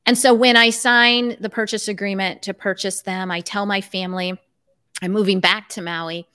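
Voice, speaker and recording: Middle-aged lady life coach, animated storyteller, does everyone's lines, tense bright tone. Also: medium pitch, moderate pace, clear, resonant tone. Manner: animated, acts out remembered dialogue. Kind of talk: personal storytelling in conversation.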